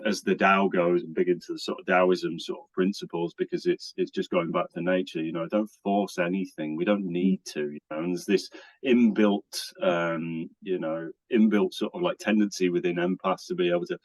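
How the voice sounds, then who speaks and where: A man's voice: low voice, fairly even intonation, moderate pace, poor audio. A man hosting a podcast, talking earnestly and at length about self-love and boundaries. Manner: earnest, rambling, acts out quoted voices. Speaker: podcast host. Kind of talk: casual spiritual chat.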